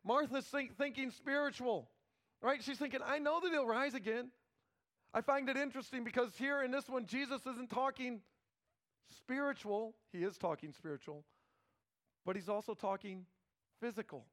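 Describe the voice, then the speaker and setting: A man preaching a sermon, moving between emphatic loud passages and hushed low ones and acting out biblical characters in quick quoted asides. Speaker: pastor.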